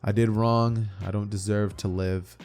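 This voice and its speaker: A man voicing a defeated, brooding young male martial artist villain who talks gruff and blunt. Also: on the low side, level tone, a little slow, a little mellow, soft background music, natural voice. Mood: resigned.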